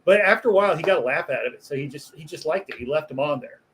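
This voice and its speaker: Male butcher guest, slightly high voice, animated and profane storyteller. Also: very fast, slight background noise, poor audio. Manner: animated, profane, laughs through his own stories. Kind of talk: casual storytelling chat.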